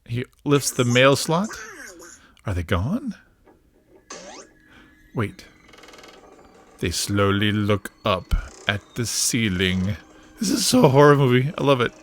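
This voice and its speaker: A woman hosting a reaction show, narrating a cartoon excitedly, laughing and sometimes hushing her voice. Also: very deep voice, takes it slowly, pauses often. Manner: excitable, laughing, often drops to a hushed voice. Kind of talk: live reaction commentary on a cartoon.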